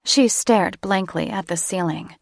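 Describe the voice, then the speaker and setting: A woman narrates a romance audiobook in a measured, unhurried read with a soft, sensual touch. Her voice sits low with a gravelly grain, recorded close and dry. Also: no room sound.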